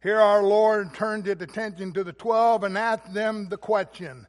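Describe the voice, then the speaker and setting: Male pastor, very high voice, emphatic sermon delivery, reverberant hall sound. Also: unhurried. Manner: emphatic preaching, swells louder on key words.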